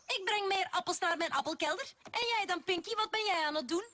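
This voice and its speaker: A woman's voice: very high-pitched, fast, pushed and bright. A woman with a Flemish accent voicing a hardworking country farm pony in a cartoon dub, with a plain delivery, over music.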